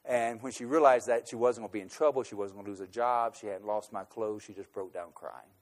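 A man telling a personal anecdote, shifting between loud, emphatic bursts and quiet, low asides. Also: brisk. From United States. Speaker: speaker recounting a trip abroad.

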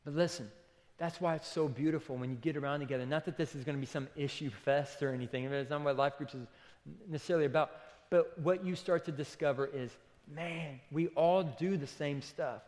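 A man's voice: on the high side, brisk, darkish tone. A man preaching a sermon as pastor in a church, conversational and emphatic, often saying "okay" and "listen". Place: church auditorium. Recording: long hall reverb.

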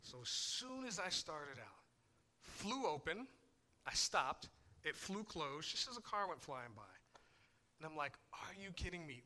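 Bright-voiced man preaching a casual sermon. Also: fairly high pitch. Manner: conversational, storytelling preacher, swings loud and soft. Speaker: pastor.

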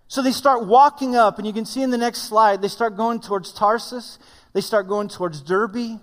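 Brief: high-pitched male pastor, conversational animated sermon, echoing church hall. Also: moderate pace. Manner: conversational preaching, animated storytelling. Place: church sanctuary. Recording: long hall reverb.

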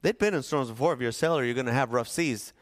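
A man's voice: medium pitch, quick pace. Guy pastor giving a chatty sermon, acting out the quotes, mid-range voice. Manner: conversational, animated storytelling with acted quotes.

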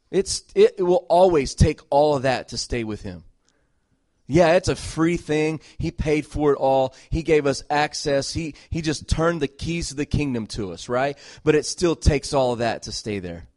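This middle-aged man's voice sits on the high side as he preaches a sermon as a pastor, unhurried but with lively intonation. He is earnest and emphatic, repeating phrases and alternating between loud exhortation and tender, quiet talk, captured in a dry, clean studio recording.

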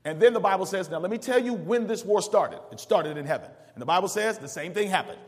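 High-voiced preacher in an echoing hall. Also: male voice, lively intonation, quick pace. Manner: preaches with rising call-outs and asks the congregation to finish verses. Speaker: pastor. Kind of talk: call-and-response sermon.

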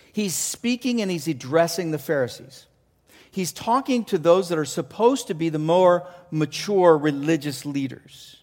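A male pastor preaching a passionate sermon, asking rhetorical questions and often restarting his sentences. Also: fairly high pitch. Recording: long reverb of a large hall.

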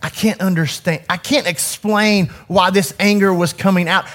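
Man, forties, youth minister, confessional talk, self-critical, higher pitch, handheld mic. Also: steady tone, normal speed, a bit bright. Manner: candid and self-critical, with frequent restarts. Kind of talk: confessional personal talk to an audience. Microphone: handheld microphone.

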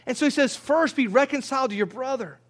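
Pastor, male, high-pitched voice, conversational sermon delivery with repeated words and rising emphasis. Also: fast.

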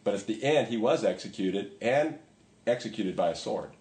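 A man's voice: fairly low pitch, lively intonation, moderate pace, darkish tone, echoey room. A man preaching a sermon in a conversational way, with emphatic repetition. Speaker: pastor.

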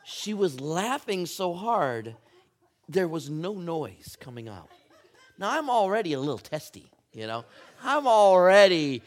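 A man's voice: high-pitched, unhurried. Middle-aged guy preaching, funny story, voice jumps up and down a lot. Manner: storytelling, animated and humorous. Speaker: pastor. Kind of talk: sermon.

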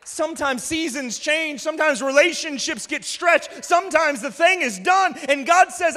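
Male preacher, emphatic sermon delivery with shouted peaks; high, bright voice in a reverberant hall. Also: normal speed, hardly any pauses.

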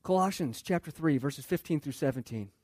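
A man's voice: fairly high pitch, animated, brisk, darkish tone, dry recording. A man preaching a sermon as pastor, talking conversationally, repeating and restarting phrases and putting questions to the congregation.

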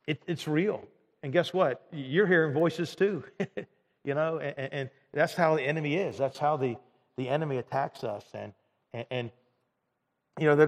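A man's voice: mid-range voice, gravelly. Man preaching with many restarts, reverberant church. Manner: conversational, with many restarts and fillers. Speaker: pastor. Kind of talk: sermon.

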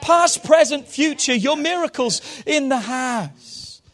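A man preaching a sermon in a church service, moving fervently from quiet low asides to loud shouted calls. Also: animated, takes it slowly. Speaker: pastor.

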